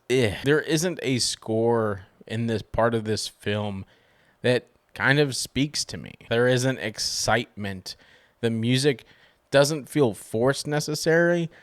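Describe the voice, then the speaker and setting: A man giving a casual spoken film review, animated, with sudden jumps in pitch for emphasis. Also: no room sound, studio quality.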